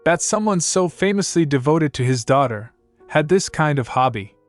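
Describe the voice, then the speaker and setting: A man's voice: a little high, lively intonation, moderate pace, voice pushed up, natural voice. A man voicing a cold, commanding young grand duke who speaks in an icy, cutting tone, over faint music.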